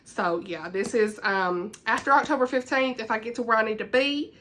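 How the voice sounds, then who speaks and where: A woman's voice: on the high side, normal speed, fairly bright tone. A young woman, chatting casually to camera about books and giggling often. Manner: chatty and giggly, greets viewers by name. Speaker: book vlogger.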